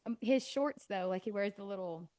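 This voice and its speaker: A woman's voice: mid-range voice, normal speed, darkish tone. A woman in her thirties, co-hosting a podcast in a casual chat, telling stories with lots of fillers. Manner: chatty, storytelling with many fillers. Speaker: podcast co-host.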